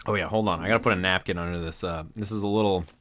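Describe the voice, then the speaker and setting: A man streaming from his desk, retelling a tournament story in casual commentary and acting out the crowd's reactions. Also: sits low. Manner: animated, acts out crowd reactions with quick asides.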